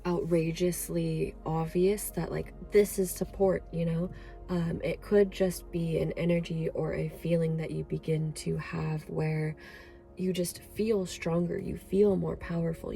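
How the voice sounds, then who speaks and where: A woman's voice: low voice, little pitch movement, a little slow, gravelly, mellow, faint music behind. A woman giving an emotional, effusive pick-a-card tarot reading, rambling with fillers. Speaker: tarot reader.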